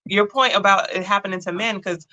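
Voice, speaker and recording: A podcast co-host in casual banter, teasing and reacting quickly. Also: medium pitch, fairly even intonation, pushed and bright, highs cut off.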